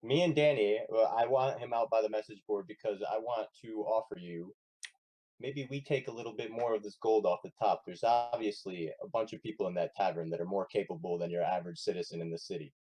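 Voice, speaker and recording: A man with a very low voice joins friends in a tabletop game. He plays a shady traveler, scheming and tripping over his words. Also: brisk, dark tone, dry recording, rough recording. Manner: scheming, stumbling in-character talk. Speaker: player. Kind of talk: casual tabletop role-play.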